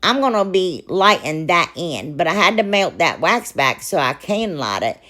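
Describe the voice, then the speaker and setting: A woman, hoarse and froggy from a sore throat, narrating a crafting video in a rambling, chatty way with lots of asides. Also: fairly low pitch, big pitch swings, moderate pace, bright, forceful tone. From Ohio, US. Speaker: crafting channel host. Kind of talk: casual DIY voice-over narration.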